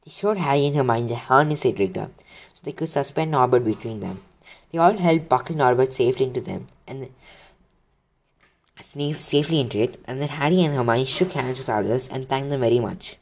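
A man's voice: mid-range voice, brisk. A man reading a children's book aloud, casually, with slips and restarts. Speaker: reader.

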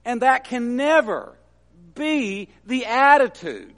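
A man's voice: very high-pitched, expressive, slow, a bit bright. A man preaching a sermon in an earnest, emphatic way that builds at times.

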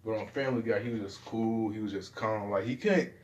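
A young man, rambling casually and profanely in a low-key, self-deprecating way. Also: brisk, a little mellow, muffled recording, slight background noise. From Southern United States. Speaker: vlogger.

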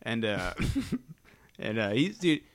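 A man's voice: lowish voice, big pitch swings, takes it slowly. A man co-hosting a podcast in loose casual chat, laughing often and joking crudely. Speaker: podcast co-host.

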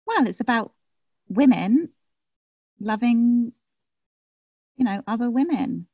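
A woman's voice: a little high, lively intonation, slow, warm tone, no room sound, clean studio sound, heavily acted. A woman playing a catty production staffer who sounds snippy and sweetly patronising.

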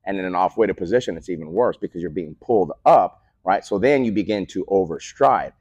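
In a casual interview on a remote call, a man who co-owns a speed training facility walks through his training methods a little fast. His low voice is husky and there's no room sound. Telling stories like a lively coach, he keeps asking "right?" after his points.

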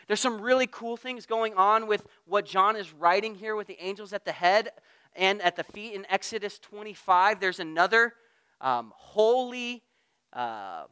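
A man preaching a sermon in a conversational way, at times getting loud and at times dropping to a hush. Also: sits high, clear, resonant tone. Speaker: pastor.

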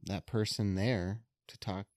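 A man speaking in a calm, reassuring way in a casual podcast conversation. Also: lowish voice, measured pace, no echo.

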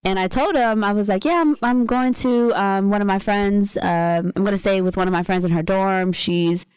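A young woman co-hosting a podcast, telling a rambling story in a relaxed way, with many fillers. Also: mid-range voice, moderate pace, clear, resonant tone, dry recording, poor audio. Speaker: podcast co-host. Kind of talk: casual storytelling chat.

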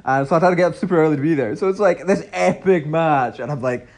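A man hosting a casual podcast chat, relaxed and rambling, laughing often. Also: a little high, fast. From Scotland. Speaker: podcast host.

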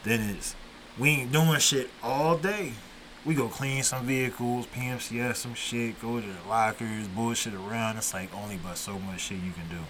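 A man's voice: medium pitch, normal speed, fairly bright tone, slight background noise, low-quality recording. A man hosting a podcast, telling stories in a laid-back, profane, casual way. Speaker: podcast host.

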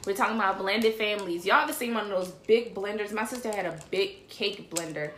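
A woman hosting a casual livestream show, chatting in an animated way and calling her audience y'all. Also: medium pitch, fairly quick, a little hiss or hum. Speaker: show host. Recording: roomy echo.

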